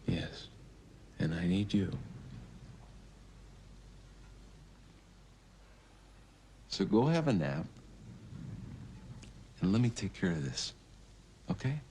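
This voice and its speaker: An actor playing a volatile, clingy young man who swings between soft pleading and sudden outbursts in a film drama. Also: low-pitched, big pitch swings, a little slow, a little hiss or hum, full character voice. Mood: coaxing.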